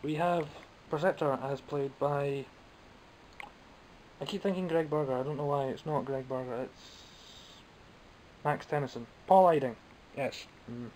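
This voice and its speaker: With a measured pace and long pauses, a man from Scotland with a darkish, mid-range voice shows off toys he bought in a casual vlog, chatting in a self-mocking way. The recording is rough, with slight background noise.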